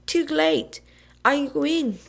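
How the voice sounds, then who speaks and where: A woman voicing a stubborn, excitable young boy in a storybook reading, pitching her voice up and calling out eagerly. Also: measured pace, vocal fry, exaggerated voice. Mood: triumphant. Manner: shrill, yelling triumphantly.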